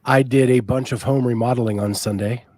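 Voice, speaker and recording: A man hosting a podcast, chatting casually and reading sponsor spots in a relaxed way with frequent ums. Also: mid-range voice, fairly quick, dry recording. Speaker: podcast host. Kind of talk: casual chat and sponsor reads.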